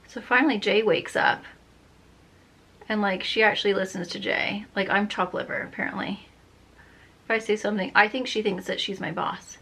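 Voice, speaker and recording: A woman's voice: medium pitch, vocal fry, bright, forceful tone. A woman in her thirties telling a rambling story while doing her makeup, full of "like" and sometimes dropping to a near whisper. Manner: chatty, lots of "like", drops to a near whisper at times. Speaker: beauty vlogger.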